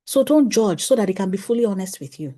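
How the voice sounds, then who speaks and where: Speaking quickly at a medium pitch, this woman is a parenting coach giving a conference talk to parents. She's lively, laughs often, and plays out scenes with her family members.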